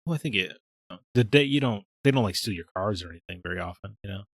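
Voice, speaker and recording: A man chats fast on a casual podcast, rambling and hesitant, with a lowish voice. His sound is dry and close. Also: expressive, husky, dry recording. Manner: rambling, hesitant, many fillers. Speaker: podcast co-host. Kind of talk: casual chat.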